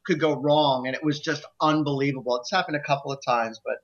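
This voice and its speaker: A man chatting casually, an animated storyteller who gets loud when acting out scenes. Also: medium pitch, fast talker, muffled recording. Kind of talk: casual chat.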